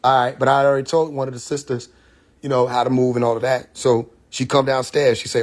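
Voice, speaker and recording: Speaking fast with a mid-range voice and fairly even intonation, this livestream host delivers a casual monologue. He's animated in his storytelling, imitating mocking voices, and the audio comes from a phone or computer microphone on a live stream.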